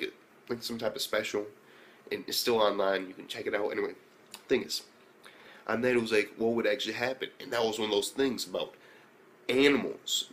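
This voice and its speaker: A low-voiced man recapping an anime, cursing freely. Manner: loose, profane retelling with loud exclaimed reactions. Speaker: anime reviewer. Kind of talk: casual episode recap.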